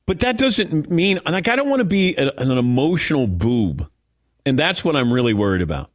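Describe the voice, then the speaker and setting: A man's voice: fairly high pitch, big pitch swings, moderate pace. A middle-aged man hosting a sports talk radio show, chatting casually in a reflective, self-mocking way.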